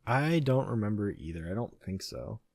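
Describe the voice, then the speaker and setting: A man's voice: fairly low pitch, big pitch swings, moderate pace, gravelly, a crowd in the background. A man co-hosting a podcast, chatting bluntly with dry, wry asides. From United States. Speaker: podcast co-host. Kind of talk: casual chat.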